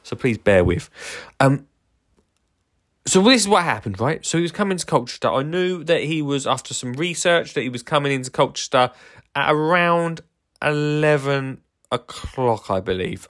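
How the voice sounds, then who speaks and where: A man's voice: medium pitch, expressive, moderate pace, a bit bright. A man hosting a casual solo podcast, rambling enthusiastically with lots of fillers and restarts. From England. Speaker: podcast host.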